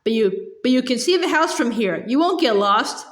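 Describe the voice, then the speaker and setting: A woman's voice: fairly high pitch, lively intonation, moderate pace, echoey room, lightly acted. A woman voicing a fussy, stern grown man who scolds children, while reading a storybook aloud.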